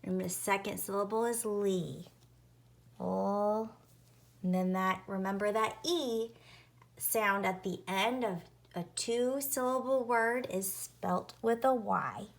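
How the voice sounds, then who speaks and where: Teaching phonics to young kids, a woman speaks at medium pitch and slowly, clearly sounds out every letter.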